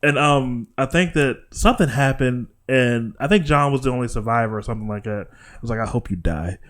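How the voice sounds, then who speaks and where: Animated man teasing his gaming friends. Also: medium pitch, a little fast. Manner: animated, teasing, laughs often, restarts. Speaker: podcast co-host. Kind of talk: casual gaming chat.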